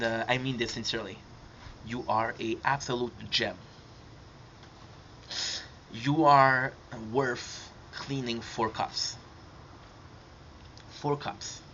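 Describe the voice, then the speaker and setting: Bright-voiced, teasing man with a French accent. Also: mid-range voice. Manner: playful, teasing, swears casually. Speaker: live streamer. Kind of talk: casual chat with a stranger. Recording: dull lo-fi audio, faint background noise.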